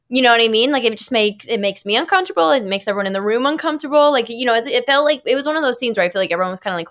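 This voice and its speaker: Chatty young woman, slightly high voice. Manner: animated, filler-heavy storytelling. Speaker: actress guest. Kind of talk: casual podcast chat.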